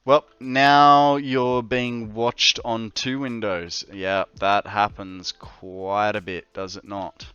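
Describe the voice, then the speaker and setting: A man streaming a building game, chatting casually and slowly to his viewers while he works. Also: on the low side, level tone, fairly bright tone, smooth, no echo, dull audio, soft background music. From Australia. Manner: slow, laid-back, talks to chat while working.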